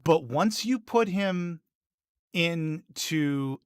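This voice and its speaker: A man's voice: on the high side, expressive, very slow, clean tone, no echo, clean studio sound. A man co-hosting a podcast, retelling TV scenes in casual chat with lots of fillers and restarts. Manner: rambling, many restarts and fillers. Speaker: podcast co-host.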